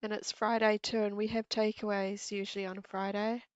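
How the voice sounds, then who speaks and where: Speaking briskly in a smooth, level, mid-range voice, a woman with a New Zealand accent hosts a craft livestream and chats and giggles with her viewers. Captured by an earpiece and desk mic, it has no echo but the highs are cut off.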